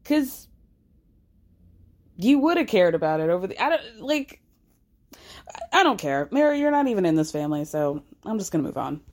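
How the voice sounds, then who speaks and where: A woman's voice: mid-range voice, very animated, moderate pace, long pauses, darkish tone. A woman hosting a casual chat, recapping with sarcasm and frequent laughter. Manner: sarcastic, laughs often, acts out quotes. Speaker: podcast host recapping a reality show. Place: outdoors in a city, passersby watching.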